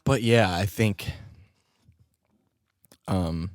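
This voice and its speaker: Casting: young male podcast host, lowish voice, relaxed and profane, laughs through his stories, dry close sound. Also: extremely slow, no room sound. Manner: laid-back, profane, laughs often while telling stories. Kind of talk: casual solo podcast storytelling.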